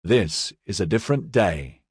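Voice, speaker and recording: A man voicing a calm, resolute young male police corporal. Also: low-pitched, a little slow, breathy edge, no echo, clean studio sound, exaggerated voice.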